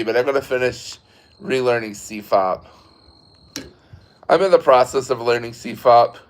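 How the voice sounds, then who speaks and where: A man in his thirties chatting casually with viewers from his porch at night, relaxed and talkative. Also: mid-range voice. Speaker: livestream host. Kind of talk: casual chat.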